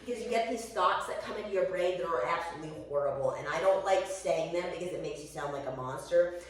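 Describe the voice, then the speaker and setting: A woman's voice: fairly low pitch, fast, distant mic. A candid, rambling woman chats loosely to her viewers while she stretches, swearing now and then. Her voice sits well back from the mic and rings around a very echoey room. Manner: rambling, candid and profane, with laughs. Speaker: vlogger. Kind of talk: casual chat to camera.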